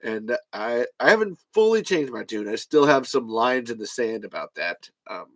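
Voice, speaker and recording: A man hosts a fan podcast in what sounds like a casual livestream chat, speaking at a moderate pace in a mid-range voice. He tells stories in a lively, animated way, acting out the conversations he quotes, laughing often and swearing casually.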